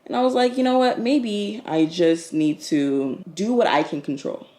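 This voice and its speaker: A woman's voice: fairly low pitch, unhurried. Chatty young woman telling a story. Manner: animated, acts out both sides of conversations. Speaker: vlogger. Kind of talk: casual storytime chat.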